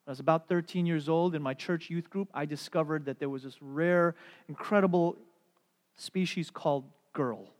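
A middle-aged pastor delivers a sermon at normal speed in a slightly high, somewhat raised voice that echoes through a long, reverberant church sanctuary. He tells stories with animation, slipping into playful voices as he goes.

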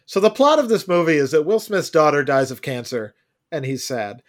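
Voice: medium pitch, very animated, moderate pace. A co-host in a casual movie review chat, dry and mocking, laughing through complaints. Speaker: podcast co-host.

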